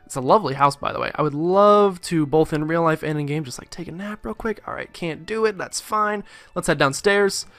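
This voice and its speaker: A man chatting through a video game, rambling and joking with profane asides. His voice sits a bit high for a man, close and dry, with soft game music under it. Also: a little fast, no room sound. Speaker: let's play host. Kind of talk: casual gameplay commentary.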